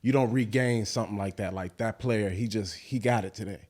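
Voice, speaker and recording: A man's voice: fairly low pitch, fairly quick, darkish tone. A man co-hosting a podcast in loose casual chat, often saying "like" and swearing now and then. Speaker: podcast co-host.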